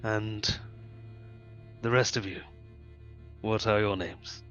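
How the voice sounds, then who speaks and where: A man's voice: on the low side, fairly even intonation, a bit bright. A man playing a courtly, menacing predator. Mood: smooth, courtly. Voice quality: slow, formal, silky menace. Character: menacing, smiling male predator stranger with a great sword. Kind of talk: tabletop role-play in character. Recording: dull, muffled recording with faint music.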